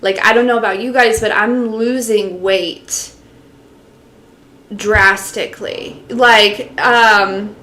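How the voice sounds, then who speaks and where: Slow, bright-voiced woman in an echoey room. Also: medium pitch, steady tone. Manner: rambling, filler-heavy, talks straight to viewers; reads out and answers viewer comments. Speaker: intuitive reader and channeler. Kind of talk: casual live-stream channeled message.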